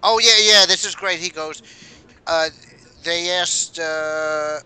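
An excitable man co-hosting a podcast, talking bluntly in casual chat. His voice sits a little high and is strikingly bright and cutting. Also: slow, clean tone. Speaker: podcast co-host.

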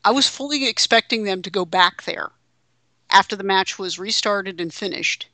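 A woman's voice: medium pitch, normal speed, pushed and bright, dry recording. A woman co-hosting a casual wrestling podcast, wry and teasing. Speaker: podcast co-host.

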